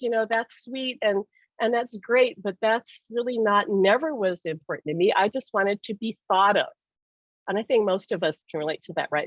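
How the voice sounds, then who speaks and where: Middle-aged woman host, animated storyteller, lo-fi dry recording. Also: medium pitch, dry recording. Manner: earnest, animated storytelling with laughs. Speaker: author and host. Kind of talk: casual talk to camera. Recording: dry, dull lo-fi sound.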